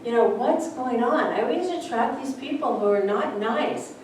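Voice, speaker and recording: A woman's voice: a little high, expressive, normal speed, a little mellow. A woman minister giving a chatty, story-filled sermon, often acting out the voices of people in her stories. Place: church sanctuary. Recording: echoey room, distant mic, faint background noise.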